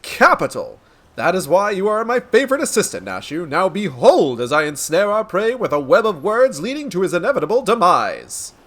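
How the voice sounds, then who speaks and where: A man reading game dialogue aloud as a pompous, grandiose gentleman inspector with flowery, theatrical speech. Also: high-pitched, big pitch swings, moderate pace, pitched above the performer's own voice, exaggerated voice.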